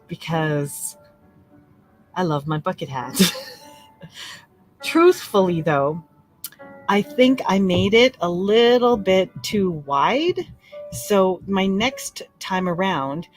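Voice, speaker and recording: A woman leading a relaxed crochet-along tutorial, chatting and laughing, counting stitches aloud softly. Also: fairly low pitch. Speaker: crochet teacher. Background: soft relaxing music.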